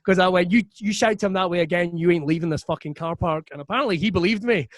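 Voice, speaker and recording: A Scottish man, a comedian guest, telling stories in a profane, animated way on a podcast. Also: high voice, fast talker, dry recording. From Scotland. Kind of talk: casual storytelling chat.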